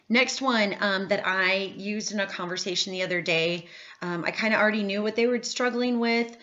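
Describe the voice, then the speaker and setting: A woman's voice: medium pitch, a bit bright. A woman giving a casual, chatty training talk, upbeat and full of fillers. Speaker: network marketing trainer. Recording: slightly dull lo-fi audio.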